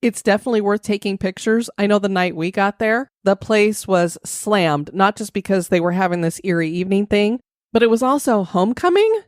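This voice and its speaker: A woman's voice: mid-range voice, brisk, no room sound, studio quality. A woman hosting a podcast, talking in a chatty, conversational way. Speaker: podcast host. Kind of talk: casual podcast chat.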